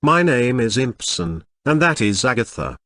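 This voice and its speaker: A man's voice: medium pitch, sing-song, moderate pace, pushed and bright, no room sound. A man doing a fussy Scottish goblin butler. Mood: apologetic. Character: tiny polite goblin butler, male, fussy.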